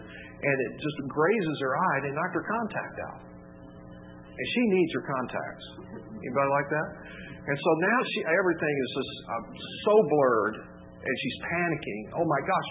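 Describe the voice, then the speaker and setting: A man's voice: mid-range voice, in a large hall. A man preaching a sermon, telling a story and raising his voice for emphasis. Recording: tinny phone-like sound, faint background hiss.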